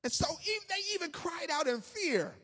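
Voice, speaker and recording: A male pastor preaching a sermon, moving from hushed scripture reading to shouted exhortation. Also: very high voice, lively intonation, moderate pace, in a large hall. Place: church sanctuary.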